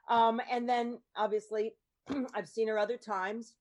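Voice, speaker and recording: A woman's voice: mid-range voice, unhurried. Chatty woman podcast host. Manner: chatty, rambling, lots of ums. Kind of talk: casual chat.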